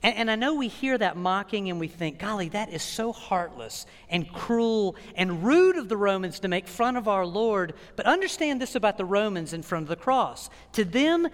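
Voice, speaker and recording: A man preaching a sermon as pastor, animated and emphatic, with dramatic pauses. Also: high-pitched. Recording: long hall reverb.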